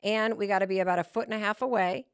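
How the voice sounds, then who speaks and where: A woman's voice: mid-range voice, clear, resonant tone. Enthusiastic woman podcast host. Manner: enthusiastic, quick reactions. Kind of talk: casual interview chat.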